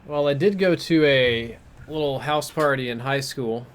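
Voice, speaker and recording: A man's voice: mid-range voice, unhurried, clear, resonant tone. Rambling man telling a crude story. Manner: rambling, crude, self-mocking. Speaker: game streamer. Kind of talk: casual storytelling while gaming. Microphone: headset.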